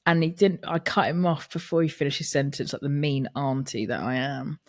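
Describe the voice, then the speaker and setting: A young woman with a low voice talks candidly in a podcast monologue and acts out her family's dialogue as she goes. She speaks close to the mic in a very dry, dead room. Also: animated, fairly quick, hardly any pauses, a little mellow, no echo. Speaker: podcast host. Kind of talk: personal reflective monologue.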